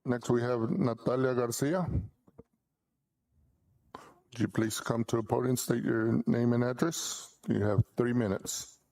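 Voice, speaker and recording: Man chairing the meeting, mid-range voice, brisk and formal. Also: medium pitch, steady tone, darkish tone. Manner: brisk, procedural. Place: council chamber.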